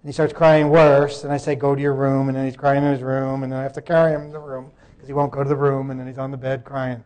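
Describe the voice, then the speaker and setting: A man's voice: medium pitch, little pitch movement, darkish tone. A man giving a live conference presentation, often stopping mid-sentence to sort out his slides. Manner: halting, breaks off mid-sentence to fix tech.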